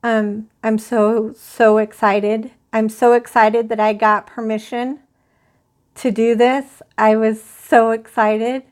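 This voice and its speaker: Slow, chatty woman hosting a crochet stream. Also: fairly high pitch, flat delivery, darkish tone. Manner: chatty, rambling, addresses live chat viewers. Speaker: crochet channel host. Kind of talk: casual live-stream chat.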